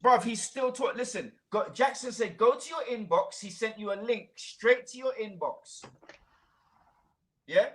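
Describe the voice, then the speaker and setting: High-voiced man ranting. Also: a little slow. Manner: animated, stumbling restarts, mimics others. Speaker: guest on a livestream. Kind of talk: heated ranting complaint.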